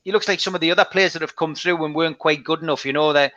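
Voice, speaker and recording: Man on a muffled video call, higher bright voice, going on about old players. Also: steady tone, rapid-fire. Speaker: co-host reading the live chat. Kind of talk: casual football chat.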